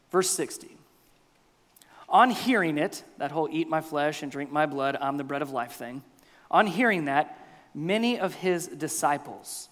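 A man preaching a sermon as pastor, swinging between loud bursts and near-whispers. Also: on the high side, big-room sound. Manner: animated preaching with big swings in loudness, dropping to near-whispers.

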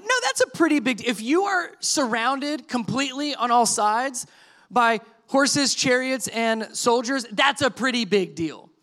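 Bright, high-voiced preaching man. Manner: conversational, animated preaching with quoted dialogue. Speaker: pastor. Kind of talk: sermon.

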